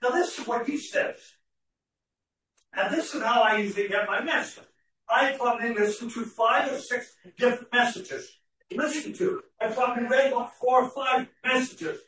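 A man delivers a sermon in an unusually high voice, repeating and restarting his words before building to shouted questions. He sounds distant from the mic in a very echoey hall, with faint noise behind him. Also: normal speed. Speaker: preacher.

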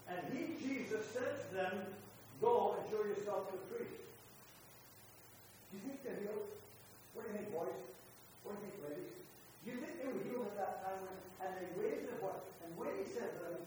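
An older man giving an informal Bible study, reading scripture aloud and asking his listeners questions in an animated way. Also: high voice, normal speed. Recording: echoey room from far off with faint noise.

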